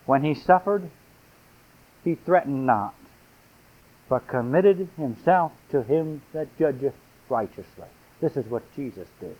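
A man's voice: mid-range voice, lively intonation, a little slow. A man preaching a sermon, reading scripture aloud with rising, emphatic delivery. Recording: tinny phone-like sound.

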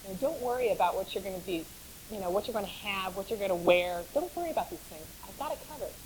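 A woman's voice: medium pitch, expressive, quick pace, slight background noise, rough recording. A woman sharing a personal faith testimony in a chatty storytelling way, often laughing and repeating words for emphasis. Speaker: speaker sharing her testimony.

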